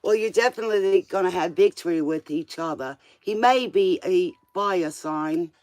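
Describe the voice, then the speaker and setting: A man's voice: high voice, normal speed, no room sound. A man doing a casual tarot reading, chatty and playful, with joking asides. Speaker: tarot reader.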